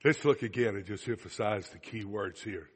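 A man with a lowish, breathy-edged voice preaches at a moderate pace, long hall reverb trailing his words. Animated, he acts out dialogue and puts questions to the congregation.

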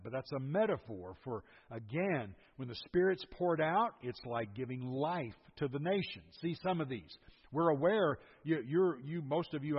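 Husky older preacher in a reverberant hall. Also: male voice, medium pitch. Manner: expository, explains scripture verse by verse with emphatic asides. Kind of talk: sermon. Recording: husky voice, dull lo-fi sound, long hall reverb.

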